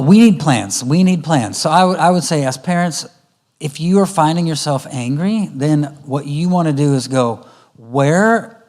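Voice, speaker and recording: Man giving a lively church parenting talk. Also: a little high. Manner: conversational, acts out family dialogue. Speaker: guest speaker. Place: church auditorium.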